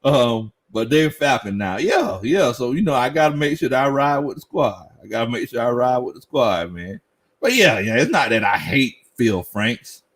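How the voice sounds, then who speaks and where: Reading viewer comments on his casual sports stream, a middle-aged host laughs frequently and throws around Southern slang in an animated way. His pitch is medium and his speed normal.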